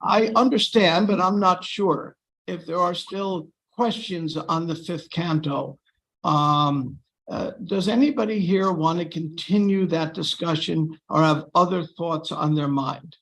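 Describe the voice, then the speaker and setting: A man leading a scripture class in a relaxed, chatty way, with dry sarcastic humor. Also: fairly high pitch, creaky, poor audio. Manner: joking, dryly sarcastic; relaxed, chatty with pauses and fillers. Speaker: class speaker.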